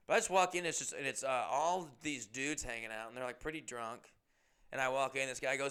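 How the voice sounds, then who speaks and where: A man's voice: medium pitch, brisk, fairly bright tone, clean tone. A man hosting his own podcast, telling rambling, profane, self-deprecating stories in a casual monologue. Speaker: comedian and podcast host.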